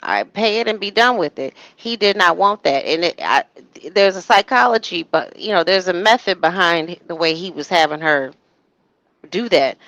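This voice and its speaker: A woman chatting casually in commentary, animated, slipping into quoted voices with frequent restarts. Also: on the low side, normal speed, dry recording, lo-fi sound.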